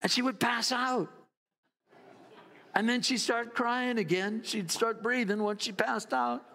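A man's voice: extremely high pitch, fairly even intonation, unhurried, creaky, pushed and bright, in a large hall. A man preaching a sermon, telling a story and mimicking barking dogs with playful asides. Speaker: pastor.

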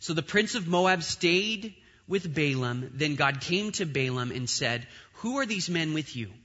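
A man preaching a sermon in a lively, conversational way, with asides and jokes. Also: a little high, measured pace. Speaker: pastor. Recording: dull sound with long hall reverb.

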